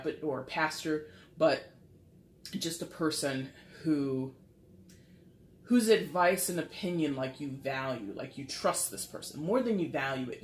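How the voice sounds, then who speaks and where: A woman's voice: low-pitched, slight background noise. A woman giving a casual tarot reading to camera, talking in a rambling, chatty way with lots of filler words. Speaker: tarot reader. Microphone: camera mic. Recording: roomy echo.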